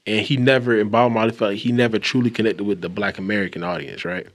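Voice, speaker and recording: A man hosting a casual podcast chat, telling long stories with restarts, swearing and animated asides. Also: lowish voice, fast talker.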